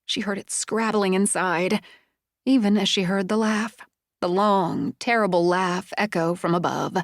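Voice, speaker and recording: A woman narrating a suspense novel, measured and expressive at a middle pitch. The sound is dry and close to the mic, with no room around it. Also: no echo. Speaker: audiobook narrator. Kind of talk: scripted narration.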